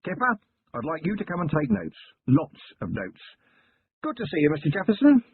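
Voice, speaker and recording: A man's voice: a little high, huge pitch swings, moderate pace, a little hiss or hum, voice pushed up. A man reading the part of a stern male police commander with a dry, commanding manner. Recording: tinny lo-fi recording.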